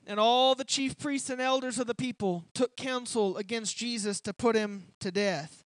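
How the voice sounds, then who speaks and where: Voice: high-pitched, a bit bright, no room sound. A preacher giving a sermon as a vivid dramatic retelling, often repeating words as they restart a thought.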